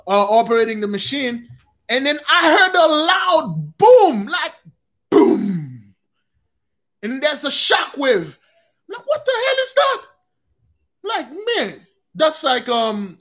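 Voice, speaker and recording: A man with a notably high voice shares a loose, rambling testimony with his online congregation. He stumbles and restarts often and keeps turning to his listeners as brothers and sisters. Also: a bit bright. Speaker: religious YouTube channel host. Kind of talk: casual spoken testimony.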